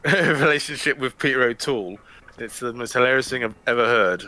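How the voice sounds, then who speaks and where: A man chatting casually while he plays a game, joking and rambling as he goes. His voice is bright and forceful, at an ordinary pitch for a man. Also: quick pace. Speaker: gaming channel host. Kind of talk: casual chat while playing.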